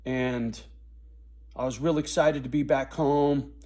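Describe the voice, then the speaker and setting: A man's voice: medium pitch, fairly even intonation, slow pace, a little mellow. A man vlogger telling a painful personal story to camera, in a blunt, profane and intense way.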